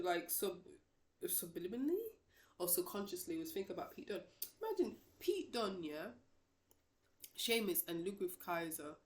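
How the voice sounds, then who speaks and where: A woman's voice: on the low side, a bit bright. A woman vlogger giving casual, opinionated wrestling predictions, rambling with many restarts and fillers.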